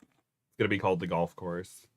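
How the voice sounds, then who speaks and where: Deep-voiced man chatting casually. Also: little pitch movement, normal speed. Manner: laughs often, short reactions. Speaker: co-host guest. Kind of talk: casual chat on a stream.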